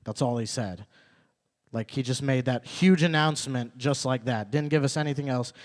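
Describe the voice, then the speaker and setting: A young man with a mid-range voice does a stand-up set at a small club open mic, speaking at normal speed. He tells stories loosely, repeats his lines, and acts out quotes.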